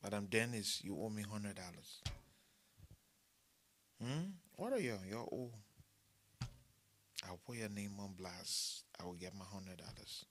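A man's voice: fairly low pitch, lively intonation, unhurried, long pauses, a bit bright. A man, preaching a sermon, telling stories and asking for money with humor, repeating short phrases for emphasis. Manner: storytelling preacher who mixes humor with appeals for money. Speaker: pastor.

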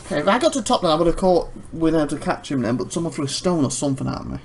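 A man's voice: on the high side, lively intonation, racing, creaky, breathy edge. A man hosting a let's play, commenting live and exclaiming in frustration at the game.

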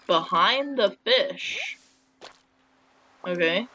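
A woman's voice: mid-range voice, takes it slowly, fairly bright tone. A woman giving casual let's-play commentary, chatty and wry, with joking asides as she plays. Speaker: game player. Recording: dull lo-fi with faint hiss.

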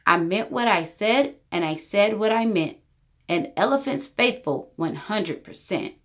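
A woman reading as a gentle faithful elephant, earnest, patient, lively pitch, storybook. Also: a little slow, lightly acted. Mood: steadfast. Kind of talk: storybook read-aloud.

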